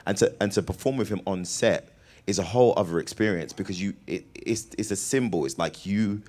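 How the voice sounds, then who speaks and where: A young British man, an actor guest, telling stories in a lively, laughing way during an interview. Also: low voice. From Britain. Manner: animated, laughing storyteller with quick restarts. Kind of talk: casual interview chat.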